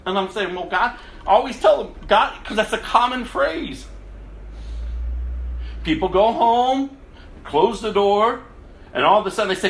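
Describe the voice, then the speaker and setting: A man giving an emotional sermon testimony, moving from hushed quotes to loud outbursts. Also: high voice, animated, moderate pace, long pauses, roomy sound. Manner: emotional, swings between hushed quoting and loud exclamation.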